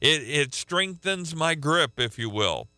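A man teaching a radio sermon, emphatic, repeating key phrases and slowing down to stress words. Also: a little high, animated, bright, forceful tone, no room sound, soft background music.

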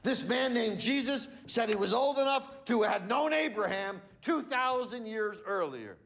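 A male pastor delivering a sermon in a high voice. He talks slowly and deliberately. He stresses single words to drive each point home. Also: animated, a bit bright. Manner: emphatic, teaching with pauses and stresses.

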